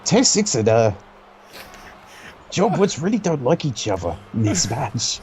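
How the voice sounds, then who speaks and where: Sarcastic sweary guy calling the match, mid pitch, voice swings around a lot. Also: big pitch swings, a little slow, a little mellow, a little hiss or hum. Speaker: commentator. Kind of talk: joking casual play-by-play commentary.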